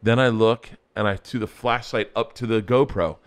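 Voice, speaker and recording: A middle-aged man telling a story with animated delivery, acting out his family's voices. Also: lowish voice, normal speed. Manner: lively, acts out voices of family. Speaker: comedian guest.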